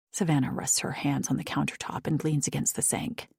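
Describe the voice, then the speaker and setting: A woman narrating an audiobook thriller in a soft, hushed reading. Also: low-pitched, fairly even intonation, fairly quick, creaky, hardly any pauses, breathy edge, no room sound, studio quality.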